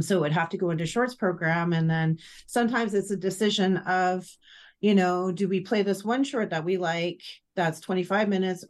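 A woman on a podcast, a festival programmer, explaining in a friendly way with many pauses and fillers. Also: lowish voice, a little mellow. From Canada. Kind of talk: casual podcast chat.

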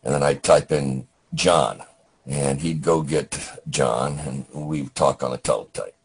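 An older veteran guest with an extremely deep, husky voice recounts his wartime memories plainly and haltingly, often restarting sentences before finding his way through. His intonation is fairly even, and the recording is rough.

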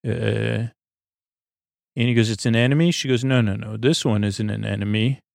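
A gravelly-voiced man hosts a bedtime podcast, recapping an episode in a wandering, halting manner. His pitch stays flat and even as he stumbles through fillers. The sound is close and dry, with no room around it. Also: dry recording. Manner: meandering, halting delivery with many fillers; quotes characters in his own low-key voice. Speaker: podcast host.

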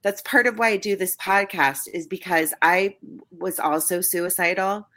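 A woman hosting a podcast interview, talking in an emotional, halting way with repeated words, near tears. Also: lowish voice, sharp tone. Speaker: podcast host.

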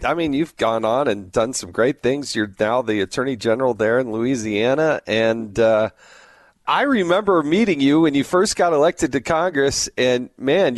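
A man's voice: mid-range voice, expressive, moderate pace, no echo, clean studio sound. A man from the American West hosting a talk show, folksy and emphatic in a casual way. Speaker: host.

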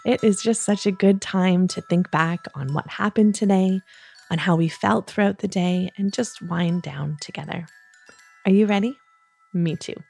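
A woman hosting a children's bedtime podcast, talking in a soft, soothing, gentle way. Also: lowish voice, creaky, husky, soft background music. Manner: soft, slow, soothing, playfully acts out yawns. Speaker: host of a kids bedtime podcast.

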